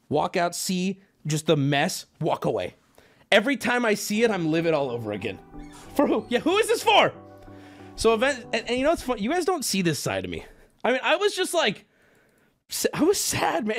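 A male streamer talks straight to his chat in a loose, rambling way, swearing freely and mocking himself as he goes. His pitch swings widely, dropping low and jumping high. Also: a bit bright. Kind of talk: casual storytelling to chat.

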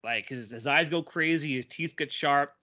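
Bright-voiced man on a podcast. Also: fairly high pitch, moderate pace, dull audio. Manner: animated, quips and reads lines aloud. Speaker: podcast co-host. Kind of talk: casual comic book podcast chat.

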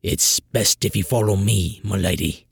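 Narrator doing a jittery, polite town guard, hesitant and stammering. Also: male voice, mid-range voice, big pitch swings, slow pace, creaky, a little mellow, breathy edge, dry recording, clean studio sound, full character voice. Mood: nervous. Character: nervous, deferential male town guard.

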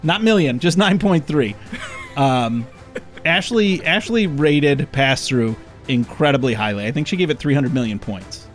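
A man's voice: fairly high pitch, expressive, a little slow, faint music behind. A man hosting a podcast in casual chat, rambling with restarts and swearing freely. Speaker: podcast host.

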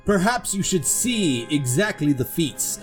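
A boastful, haughty knight voiced by a man in a tabletop game. He talks formally and lifts his voice a little above its usual pitch, with a lively, swinging range. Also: a little slow, music in the background. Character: boastful pompous male knight.

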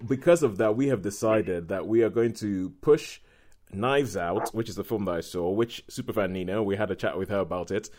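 A man co-hosting a casual film-review podcast, animated and quick to laugh, slowing down to stress his points. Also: on the low side. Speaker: podcast co-host.

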